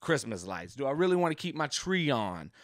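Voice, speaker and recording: A man's voice: medium pitch, big pitch swings, brisk, no echo, studio quality. A young man hosting a podcast from his home game room, rambling in a jokey, casual monologue. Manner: rambling, jokey, does voices. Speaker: podcast host.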